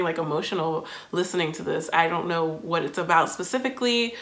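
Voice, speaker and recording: A woman hosting a music reaction video, giving thoughtful, emotional first impressions with frequent pauses and fillers. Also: fairly low pitch, fairly bright tone. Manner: thoughtful, emotional, many fillers and self-interruptions. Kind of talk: casual reaction commentary.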